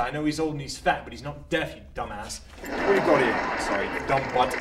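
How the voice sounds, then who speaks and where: Smarmy young guy hosting a comedy bit, slightly high voice, sounds far from the mic with noise behind. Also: fairly quick, fairly bright tone.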